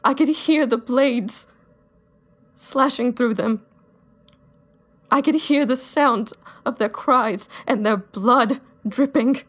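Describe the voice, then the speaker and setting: A woman with a fairly high voice, voicing her character in a tabletop game. She moves between describing her character's actions and speaking as the character. Her in-character speech is intense and confrontational. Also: slow pace, pauses often. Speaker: player. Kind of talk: in-character tabletop role-play.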